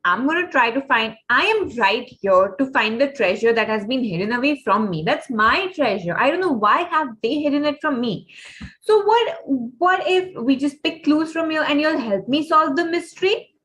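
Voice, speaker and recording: Friendly female mummy in a kids' story, woman reads her, high and lively, pleading. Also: moderate pace, rough recording.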